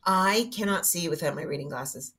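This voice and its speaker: A woman's voice: fairly low pitch, normal speed, fairly bright tone. A middle-aged woman comedian telling self-mocking stories in a casual podcast chat.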